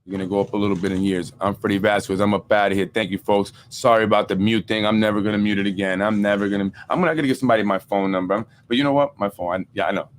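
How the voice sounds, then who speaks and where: A man hosting a casual political podcast, talking in an animated way, repeating himself and using street-casual slang. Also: fairly low pitch, racing, few pauses. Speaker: podcast host.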